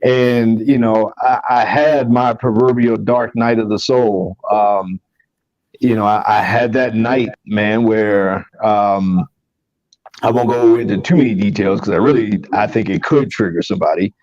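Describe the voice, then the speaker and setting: A man's voice: fairly low pitch, fairly even intonation, measured pace, darkish tone, dry recording, lo-fi sound. A man telling a personal story in a casual podcast chat. He rambles earnestly, restarts often and keeps saying "man.". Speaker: podcast co-host.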